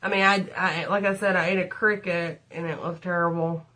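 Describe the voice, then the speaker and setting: A middle-aged livestream host tells rambling stories as she does her makeup, chatting away and calling her audience "y'all." Her voice is lowish and brisk, with fairly even intonation and a bright, forceful tone.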